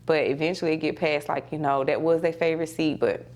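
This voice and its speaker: A woman's voice: sits low, fairly even intonation, fast talker, darkish tone. A woman therapist, talking candidly and conversationally as she gives advice on a show, often repeating key phrases for emphasis. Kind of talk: casual talk show advice.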